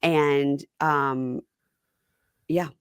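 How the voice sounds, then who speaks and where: A woman from the American South co-hosts a casual podcast, speaking in a wry, confident, matter-of-fact way. Her voice sits low for a woman. The recording is close and dry. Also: steady tone, very slow, clear, resonant tone, no echo. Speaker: podcast co-host. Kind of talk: casual chat.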